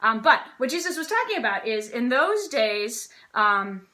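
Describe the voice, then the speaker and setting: Bright-voiced woman teaching Sunday school. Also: a little high, very animated, moderate pace. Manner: chatty and playful, often laughing. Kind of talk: casual children's church lesson.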